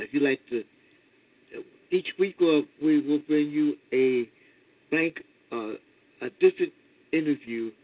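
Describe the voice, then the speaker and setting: Slow halting man host, tinny sound. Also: a little high. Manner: halting, repeats words, chuckles. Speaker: radio show host. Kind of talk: casual radio sign-off. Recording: tinny phone-like audio.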